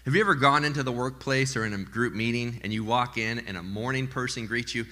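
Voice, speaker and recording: A man preaching a sermon as pastor to a congregation, animated and mixing in joking asides. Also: mid-range voice, fast talker. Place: church in front of a congregation.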